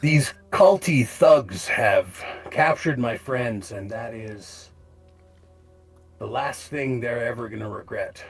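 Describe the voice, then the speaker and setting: A man's voice: lowish voice, creaky, breathy edge, heavily acted. A man voicing a grim, vengeful rifleman in a tabletop game, with a menacing growl.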